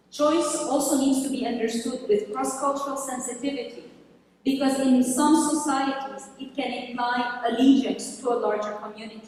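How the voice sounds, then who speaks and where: A woman giving an academic lecture, reading from a prepared text in a measured way, recorded from a distance in a large hall. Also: high-pitched, darkish tone. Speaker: university lecturer. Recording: echoey hall, distant mic, faint noise.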